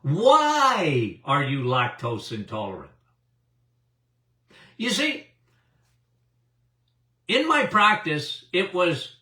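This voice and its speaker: Animated older man, bright and roomy. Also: high voice, takes it slowly, long pauses. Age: 70s. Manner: emphatic and repetitive, with chuckles. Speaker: doctor hosting a health show. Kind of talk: animated health talk to an audience. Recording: roomy, distant mic.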